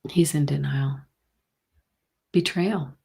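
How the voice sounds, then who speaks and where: A middle-aged woman hosting a live tarot reading stream, talking gently and sympathetically with many pauses and fillers. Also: deep voice, gravelly, slightly rough. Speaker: intuitive reader, host.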